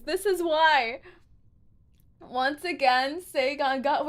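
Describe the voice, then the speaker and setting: A woman's voice: sits high, slow pace. A woman streamer reacting dramatically to a story game and talking to her chat. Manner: dramatic, exclaiming, talks to chat. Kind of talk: livestream game reaction and reading.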